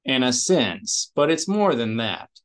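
A man's voice: mid-range voice, big pitch swings, unhurried, fairly bright tone. A man reading aloud, voicing a stubborn, methodical male alien engineer who speaks precisely and matter-of-factly.

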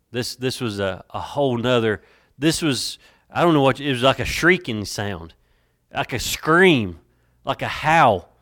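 Brief: male preacher, church sermon, dramatic swings from hushed to loud, mid-pitched voice. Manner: dramatic, varying loudness, drawn-out emphasis; repeats words and restarts while building a point. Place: church sanctuary. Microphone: worn mic.

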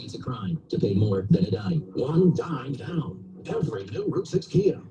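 A man's voice: mid-range voice, very animated, normal speed, loud music behind the voice, lightly acted. A man voicing a car dealership radio ad announcer, punchy hard-sell delivery, from a poor-quality radio ad rip.

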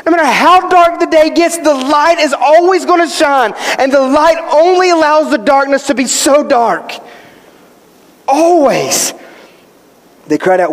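A man's voice: very high voice, unhurried. A male pastor preaching a sermon, emphatic, posing questions and answering them himself. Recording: long hall reverb.

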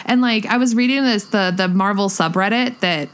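A young woman chatting casually and excitedly about a film, gushing, with lots of "like" fillers. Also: mid-range voice, moderate pace.

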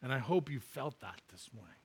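A man's voice: mid-range voice, lively intonation, fairly quick, slightly rough. A man preaching as a pastor, telling a funny personal story in a chatty way and laughing at himself before turning to scripture.

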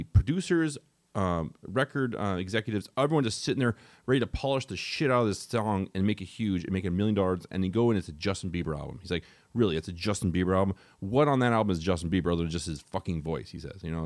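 A young man co-hosting a casual podcast, talking fast with lots of animated asides. His voice sits fairly low, and the sound is close and dry with no room echo. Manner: rapid, opinionated, animated asides. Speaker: podcast co-host.

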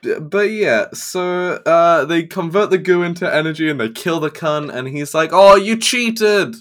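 A man's voice: on the high side, moderate pace, fairly bright tone. A man co-hosting a podcast in casual, laughing, sweary chat. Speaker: podcast co-host.

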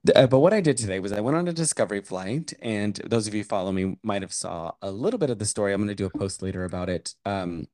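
A man's voice: fairly low pitch, lively intonation, fast, few pauses, darkish tone, dry recording, studio quality. A man hosting a podcast in casual chat, playful and joking, often trailing off mid-sentence. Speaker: podcast host.

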